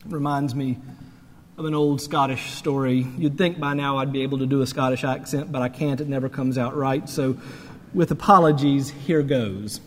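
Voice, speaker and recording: A man's voice: mid-range voice, fairly even intonation, normal speed, big-room sound, a little hiss or hum. A man preaching a sermon in a conversational, reflective way, rising to emphatic peaks. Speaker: pastor.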